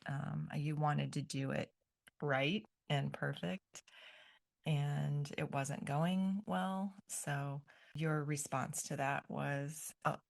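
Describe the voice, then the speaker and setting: A middle-aged woman, a grandmother, talking as a podcast guest in a gentle, thoughtful way, often pausing to find her words. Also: low-pitched, creaky. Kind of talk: reflective podcast conversation.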